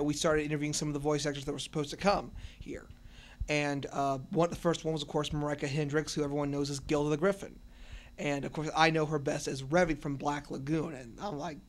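A young man from Cincinnati, a radio and podcast host, talking excitedly and rambling with many restarts in an interview on a convention floor, holding a handheld mic. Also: on the high side. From Cincinnati, USA. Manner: energetic, rambling, with repeated restarts. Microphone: shared handheld mic.

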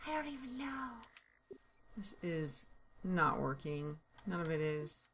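A woman playing a shooter solo, talking to herself through a headset, swearing freely and yelling at enemies, tired and loopy. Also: fairly low pitch, slow pace, a little hiss or hum. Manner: swears often and shouts at enemies, with loud excited outbursts. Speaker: gamer streaming her own play. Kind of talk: casual gameplay commentary.

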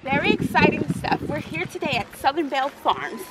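A woman's voice: high voice, expressive, brisk, heavy background noise. A woman in her thirties filming a casual family vlog outdoors on a farm with a handheld phone, talking in a playful, upbeat, joking way. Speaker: vlogger. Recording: loud background music over vlog. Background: loud music.

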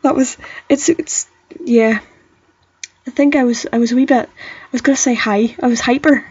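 Northern Irish woman podcast co-host, husky and fairly high voice, casual banter, muffled audio. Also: steady tone, darkish tone. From Northern Ireland. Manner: chatty, quick to laugh. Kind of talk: casual chat.

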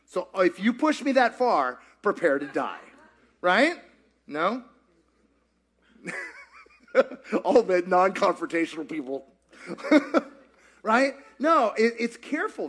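A man's voice: high-pitched, a bit bright. A man leading a church teaching session, playful and jokey, asking the audience questions and repeating their answers. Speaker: pastor leading a group discussion. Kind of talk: interactive teaching talk with audience.

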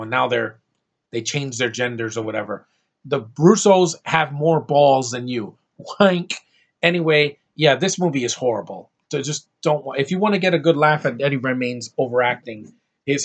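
A man giving a blunt, profane, rambling film review rant. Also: mid-range voice. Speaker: movie reviewer.

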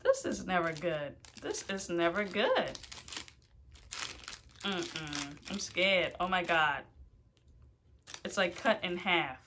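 A woman YouTuber hosting a casual food challenge vlog, talking nervously and exclaiming loudly. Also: on the low side, big pitch swings, takes it slowly, pauses often, noisy background.

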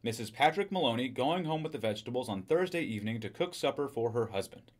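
A man reads a short story aloud, carrying the narration with a steady, even delivery. His voice sits at a middle pitch. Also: fast talker. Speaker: reader.

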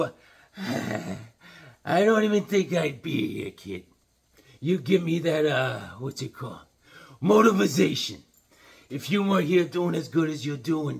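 A man doing an impression of a gruff, loving old male boxing trainer, with a gravelly, raspy voice and barking encouragement. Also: on the high side, fairly bright tone, full character voice.

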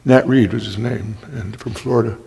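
A man's voice: fairly low pitch, steady tone, normal speed, mellow. Older man telling stories in a hall. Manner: anecdotal, wry, clears throat often. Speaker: guest speaker. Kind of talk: storytelling talk. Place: library talk hall. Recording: long hall reverb.

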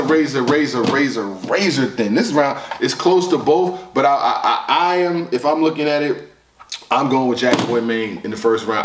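A man talks through a battle rap recap, loud and animated, swearing freely and repeating words for effect. His voice sits a little high for a man. He is recorded from a distance in a roomy, echoing space. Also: a little hiss or hum. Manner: animated, profane, quotes bars and reacts loudly, repeats words. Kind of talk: casual recap commentary.

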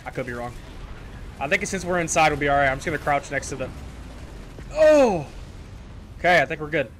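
A man's voice: a little high, racing, pushed and bright, slight background noise. A man casually commenting on his own online shooter gameplay, rambling and self-mocking, often repeating himself. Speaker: gaming channel host. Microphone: desk microphone in a squeaky chair. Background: faint game gunfire.

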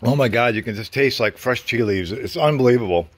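A man's voice: mid-range voice, a little fast. A middle-aged man rambling casually in his home garage while working on tools, with mild cursing along the way, recorded on a phone. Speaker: garage vlogger. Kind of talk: casual workshop chat. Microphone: phone camera.

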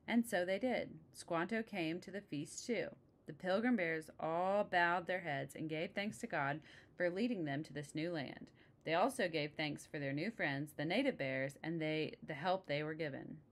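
A woman's voice: fairly low pitch, unhurried. A woman reading a children's picture book aloud, with casual asides between the passages. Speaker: storybook reader.

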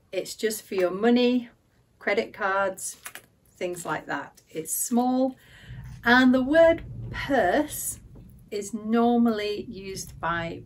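Slow, careful English woman teacher. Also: medium pitch, distant mic, a little hiss or hum. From England. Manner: slow, careful explanations with lively rises on key words. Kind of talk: explaining vocabulary to camera.

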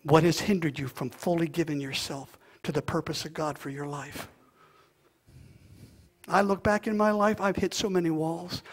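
A male pastor with a voice on the high side preaches a sermon at normal speed. He swings between hushed, nearly whispered passages and loud, impassioned declarations.

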